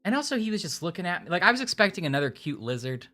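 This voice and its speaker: A woman's voice: lowish voice, very animated, rapid-fire, a bit bright. A woman chatting casually while playing a game, rambling and chatty. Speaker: game streamer.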